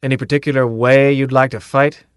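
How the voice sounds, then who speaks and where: A man's voice: medium pitch, level tone, a little fast, clear, resonant tone, no echo, studio quality, lightly acted. A man voicing a tough, cocky male drill sergeant who barks and taunts his recruits in an audiobook. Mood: taunting. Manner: barking, taunting commands.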